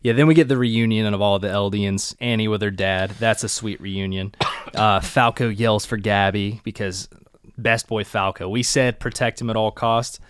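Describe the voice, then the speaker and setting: A man co-hosting a casual anime recap podcast, recapping scenes in a relaxed, enthusiastic way. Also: on the low side, normal speed, smooth. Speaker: podcast co-host.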